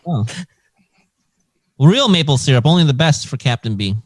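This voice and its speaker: A man's voice: a little high, no room sound. A man co-hosting a crude comedy podcast, telling a story and laughing through it. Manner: laughs through his own story, slow animated telling. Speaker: podcast co-host.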